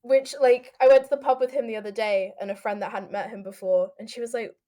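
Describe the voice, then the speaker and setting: A woman's voice: fairly high pitch, steady tone, fast, dark tone. Chatty young British woman telling anecdotes. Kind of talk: casual chat.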